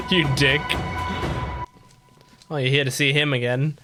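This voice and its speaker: A man a touch higher-pitched than most talks loosely and excitably as he reacts to a show. He rambles, stops himself and laughs often, with light music faint behind him. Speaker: reaction video host. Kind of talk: casual reaction commentary.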